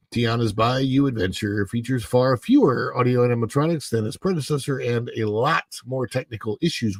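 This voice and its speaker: A man's voice: medium pitch, no room sound. A man hosting a solo livestream, giving emphatic, opinionated commentary with frequent halts and restarts. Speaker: host.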